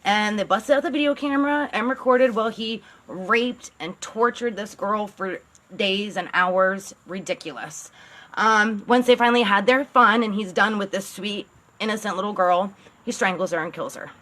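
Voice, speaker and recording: A woman's voice: medium pitch, normal speed, a bit bright. A woman telling a true-crime story as a channel host, in a casual, blunt, sarcastic way, swearing now and then.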